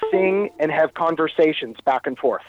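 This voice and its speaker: A man recounting a personal story as an interview guest, halting and often repeating his words. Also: fairly high pitch, expressive, narrow, tinny audio. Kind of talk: telling a personal story in conversation.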